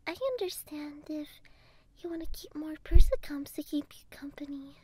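A woman's voice: high-pitched, fairly even intonation, moderate pace, lightly acted. Woman voicing a doting android maid, whispered role-play. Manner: soft, doting and deferential, often whispering. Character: devoted young female android housekeeper, eager to please.

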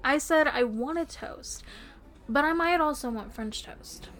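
A playful young girlfriend, voiced by a woman, teases and giggles through a romantic audio role-play. Her voice sits high and bright in pitch, and she speaks slowly, letting each word linger. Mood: teasing. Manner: giggly and teasing.

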